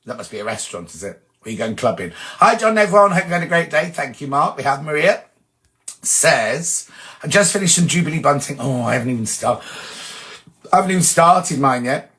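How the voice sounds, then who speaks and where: A chatty man hosts a relaxed live stream, reading out viewer messages and rambling into gossip. His voice sits a little higher than most men's. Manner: chatty, gossipy, reads comments aloud and rambles into anecdotes. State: sneezing from hay fever. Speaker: host reading viewer comments. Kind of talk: casual live-stream chat.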